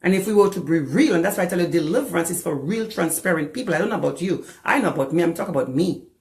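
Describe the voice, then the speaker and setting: A woman's voice: lowish voice, lively intonation, very fast, a little mellow, echoey room. A woman from the Caribbean preaching a sermon as a pastor, passionate and repeating phrases for emphasis. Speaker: pastor and deliverance minister.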